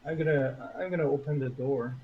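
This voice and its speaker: A man's voice: mid-range voice, a little fast. A man playing a tabletop role-playing game, talking earnestly in character and often restarting his phrases. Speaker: player. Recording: dull lo-fi mic with faint noise.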